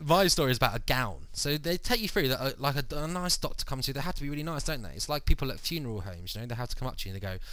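A man's voice: medium pitch, expressive, rapid-fire, few pauses, fairly bright tone, dry recording. A man hosting a podcast, telling a long story casually with many fillers and acted-out quotes. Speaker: podcast host. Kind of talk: casual chat.

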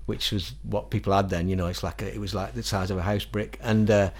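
A middle-aged man with a Northern English accent, a musician guest telling animated stories in a casual interview. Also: lowish voice, brisk. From England. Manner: animated, quotes others in acted-out voices, laughs often.

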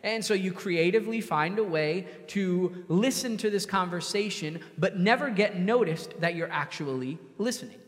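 A man's voice: high voice, normal speed, few pauses, in a large hall. A man preaching a sermon in a conversational way, acting out the voices of the people he quotes. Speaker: pastor.

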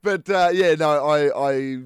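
A man's voice: on the high side, slow, clear, resonant tone, no room sound. A young man co-hosting a casual podcast, throwing in dry teasing quips. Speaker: podcast co-host. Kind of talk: casual chat.

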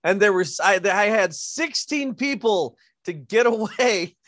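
A man's voice: high-pitched, animated, unhurried, a bit bright, dry recording, clean studio sound. A man from New York in casual chat, joking with wry, profane banter.

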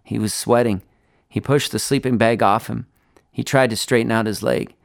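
A man reading his own short story aloud in a quiet, plain, unhurried manner, spoken-word style. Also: medium pitch, fairly even intonation, creaky, no room sound, clean studio sound.

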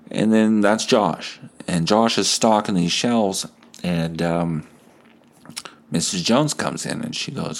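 A man's voice: low voice, takes it slowly. A male podcast host improvising a story, rambling and laughing at himself. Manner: rambling, laughs at his own tale.

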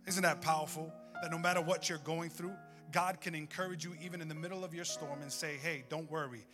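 A middle-aged man preaching a sermon to his congregation, building to loud shouts. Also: a little high, steady tone, brisk, in a large hall, over music. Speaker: pastor. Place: church sanctuary.

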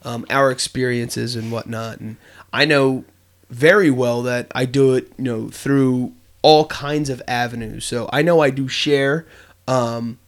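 Young male podcast co-host, earnest and reflective, mid-pitched, casual and full of fillers. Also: steady tone, unhurried.

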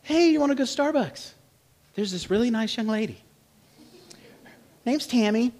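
A man's voice: very high-pitched, lively intonation, normal speed, a little mellow. A man voicing an eager mother pushing her child toward a date. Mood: pushy. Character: pushy matchmaking mother.

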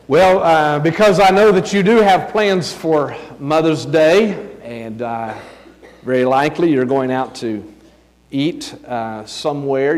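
A male pastor speaking to his congregation in church, at an ordinary mid pitch. He talks in a measured way and pauses often with "uh" as he leads prayer. The delivery is sermon-like and steady. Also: big-room sound.

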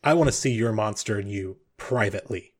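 A man's voice: lowish voice, fairly quick, natural voice. A man voicing a distrustful, stern male guard captain in a tabletop game, curt and sarcastic.

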